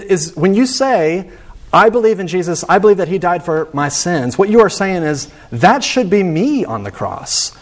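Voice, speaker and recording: A man preaching a sermon in an earnest, emphatic way, often repeating words as he presses a point. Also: high voice.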